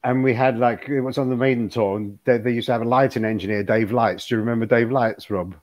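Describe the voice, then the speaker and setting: Older guest musician, lively yarn-spinner who keeps laughing. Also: male voice, medium pitch, fast talker. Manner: animated storyteller, laughs often. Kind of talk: casual chat.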